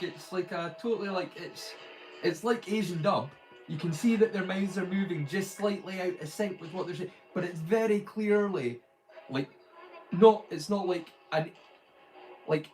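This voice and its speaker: A man's voice: high voice, moderate pace, darkish tone, faint music behind, low-quality recording. A man hosting a live stream, chatting casually and rambling, with lots of "like" fillers and restarts. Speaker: streamer, host.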